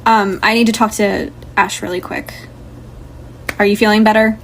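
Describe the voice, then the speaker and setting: A woman's voice: mid-range voice, steady tone, normal speed, slight background noise, lightly acted, rough recording. A woman voicing a blunt, dismissive young woman in a tabletop game podcast. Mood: curt.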